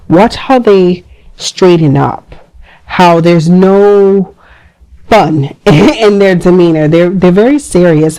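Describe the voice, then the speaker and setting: Chatty woman with a mellow, lowish voice. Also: low-quality recording. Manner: chatty, animated, lively quoted voices. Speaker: podcast host. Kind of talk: casual advice talk.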